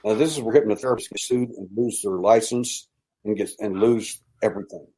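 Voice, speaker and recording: Older man telling a hushed tale. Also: on the low side, husky, poor audio. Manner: halting, hushed dramatic storytelling. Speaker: interview guest, abduction researcher. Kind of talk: storytelling in a podcast interview.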